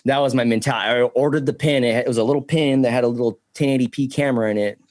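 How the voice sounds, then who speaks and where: A man, a podcast guest, telling a work story in a profane, animated way, a bit tipsy. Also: medium pitch, racing, no echo. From Bakersfield, California. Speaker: guest, delivery driver.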